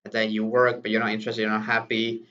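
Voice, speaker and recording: A man's voice: fairly low pitch, completely flat delivery, fast talker, fairly bright tone. A man with a Burmese accent, native Burmese speaker, teaching a lesson in English, explaining step by step and tagging sentences with "right?". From Myanmar. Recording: distant, dull lo-fi recording.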